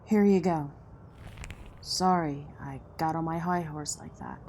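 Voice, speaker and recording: A woman playing a blunt, distrustful young woman from a poor neighborhood in an audio drama, sharp-tongued and sarcastic. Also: low voice, measured pace, slight background noise.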